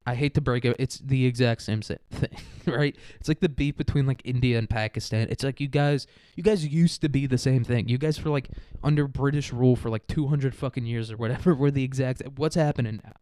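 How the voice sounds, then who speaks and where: A man's voice: mid-range voice, brisk, mellow, no echo. A man from the United States hosting a podcast, rambling in a casual comedic monologue, swearing constantly and laughing often. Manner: profane, laughing often, slangy. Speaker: podcast host.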